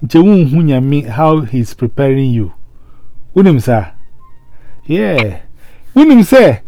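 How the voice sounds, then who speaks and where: A man hosting a casual chat, animated, with frequent exclamations. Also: mid-range voice, slow, slight background noise. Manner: animated, mixing English and local language, frequent exclamations.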